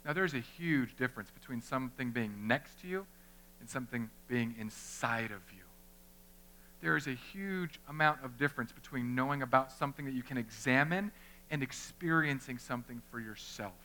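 A man, a pastor, preaching a lively sermon, talking straight to his congregation and acting out little scenes. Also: medium pitch, normal speed, slight background noise. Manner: conversational, addresses the congregation directly; animated, acts out little scenes.

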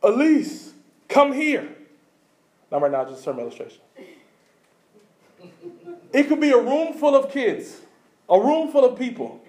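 A man with a high voice preaching a sermon. He fires rhetorical questions at the listeners, repeats key words for emphasis, and drops into quiet low asides between loud points. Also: wildly swooping pitch, moderate pace, pauses often. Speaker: pastor.

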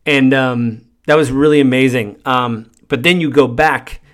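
A man's voice: medium pitch, a little slow, fairly bright tone. Man casually retelling a game story. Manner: meandering, conversational recounting. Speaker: podcast host.

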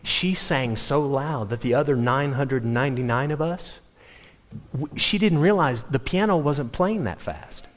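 A man's voice: mid-range voice, unhurried. Man preaching in a reverberant hall. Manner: animated storytelling, self-interrupting restarts. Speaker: pastor. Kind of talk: sermon. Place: church sanctuary.

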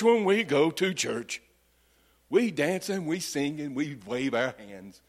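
High-voiced preacher man. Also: animated, takes it slowly. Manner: folksy, humorous storytelling preacher. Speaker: pastor. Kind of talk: sermon.

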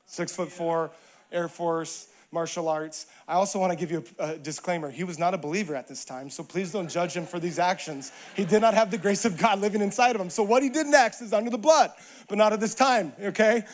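A man with a notably high voice delivers a sermon. He tells a personal story with playful, acted-out lines, then lifts into emphatic, building preaching. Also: brisk.

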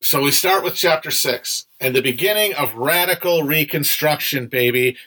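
Man, young adult, bright higher voice, casual livestream host, rambling, filler-heavy, swears. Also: normal speed. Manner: loose, chatty, digressive with frequent fillers and profanity. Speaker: livestream host discussing a history book. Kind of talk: casual livestream book discussion.

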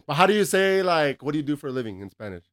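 A man's voice: a little high, sing-song, very fast, fairly bright tone, no room sound, studio quality. A man hosting a casual podcast, joking and teasing his guest, laughing often. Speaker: podcast host.

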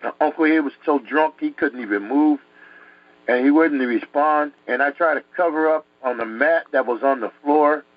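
A man's voice: a little high, normal speed. A man from New York telling a dramatic personal story, emphatic and repeating words for effect. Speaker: guest telling his testimony. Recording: dull dry recording.

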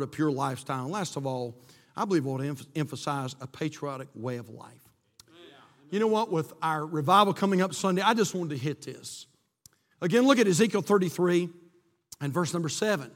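Impassioned high-voiced preacher in a reverberant church. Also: male voice. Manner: impassioned preaching, reading scripture aloud. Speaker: pastor. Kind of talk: sermon. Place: church sanctuary.

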